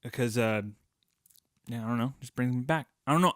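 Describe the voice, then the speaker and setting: A man's voice: mid-range voice, a little fast, pauses often, no echo, studio quality. A man hosting a podcast, telling a rambling, profane childhood story with self-mocking jokes. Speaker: podcast host.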